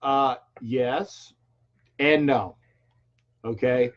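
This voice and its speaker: A man's voice: mid-range voice, steady tone, extremely slow. An older man hosting a casual call-in sports talk show, chatty and rambling, often restarting his sentences. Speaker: radio call-in show host. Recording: dull lo-fi stream audio.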